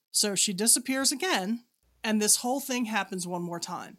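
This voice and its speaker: A woman's voice: mid-range voice, expressive, normal speed, a bit bright. A woman co-hosting a casual podcast chat, animatedly telling a spooky story and acting out the dialogue. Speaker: podcast co-host.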